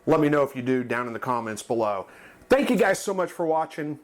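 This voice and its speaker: A man hosting his own cooking video, talking through a recipe in a relaxed, folksy, chatty way. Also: medium pitch, brisk. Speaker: cooking channel host. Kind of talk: casual cooking demonstration.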